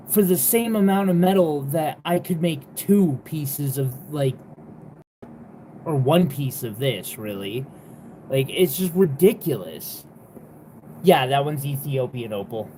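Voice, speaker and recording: A young adult jewelry seller with a mellow, mid-range voice hosts a live sale over slight background noise. The casual livestream chat rambles and sounds exasperated, with plenty of fillers and the occasional swear word.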